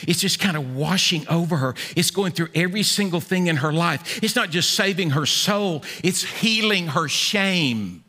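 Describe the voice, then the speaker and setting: Bright-voiced preacher in an echoey hall. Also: male voice, a little high, slightly rough. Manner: folksy, animated preaching with repeated words. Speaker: pastor. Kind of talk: sermon. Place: large church hall.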